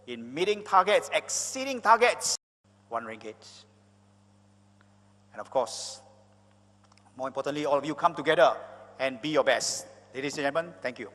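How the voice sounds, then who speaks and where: A man's voice: fairly high pitch, animated, moderate pace, pauses often, fairly bright tone. A middle-aged Malaysian man giving an emphatic, rousing conference talk with chatty asides, with a Malaysian English accent. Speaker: motivational speaker. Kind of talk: live conference presentation. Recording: reverberant conference hall.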